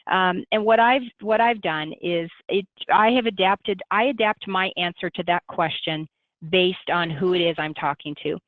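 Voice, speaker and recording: A middle-aged woman, a guest on a webinar, speaking gently and in a measured way with many pauses. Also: on the low side, no echo. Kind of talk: webinar conversation. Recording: tinny dry phone line.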